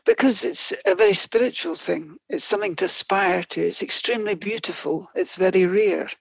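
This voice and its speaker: A woman historian with a Scottish accent, telling stories in an expressive, chatty way as an interview guest. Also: mid-range voice, fairly quick, creaky, no echo. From Scotland. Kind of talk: animated storytelling interview answers. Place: office in Orkney. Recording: dull, dry lo-fi audio.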